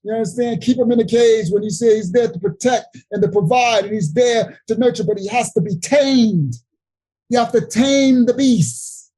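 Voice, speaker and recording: A man with leading a livestream Bible study, preaching in an animated, emphatic way straight to his viewers. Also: very high voice, moderate pace, breathy edge, poor audio.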